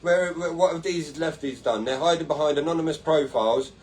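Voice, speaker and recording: A man's voice: fairly high pitch, fairly quick, darkish tone, slight background noise. A man hosting a casual podcast-style livestream, talking in a rambling, sweary way and laughing at his own stories. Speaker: livestream host.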